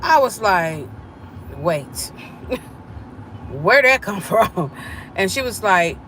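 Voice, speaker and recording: During a live stream, a middle-aged woman chats with viewers and animatedly acts out the voices of people in her story. Her voice is medium-pitched with drawn-out words, and there's a little hiss or hum in the recording.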